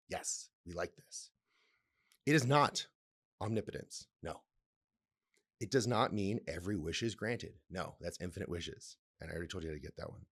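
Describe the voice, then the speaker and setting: A male podcast host with a somewhat low voice talks on his own, reading a text aloud and riffing on it. He laughs a lot, swears casually and rambles in a playful way. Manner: laughs often, swears, reads aloud and comments. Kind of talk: casual solo podcast talk.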